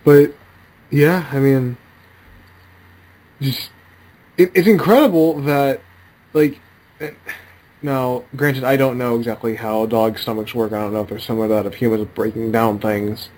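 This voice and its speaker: A man co-hosting a podcast, asking questions in a halting way with many fillers. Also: mid-range voice, steady tone, darkish tone, low-quality recording. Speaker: podcast co-host. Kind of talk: casual chat.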